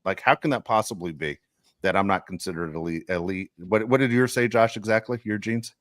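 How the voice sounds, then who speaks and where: A man's voice: lowish voice, a little fast, no room sound, studio quality. An older man co-hosting a podcast, telling rambling, self-mocking jokes in casual chat. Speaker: podcast co-host.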